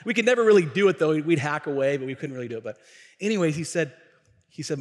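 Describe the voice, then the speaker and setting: A man's voice: fairly high pitch, quick pace. Man preaching in an echoey hall. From Tacoma, Washington. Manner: chatty and animated, with frequent restarts and asides. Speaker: pastor. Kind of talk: storytelling sermon. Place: church sanctuary.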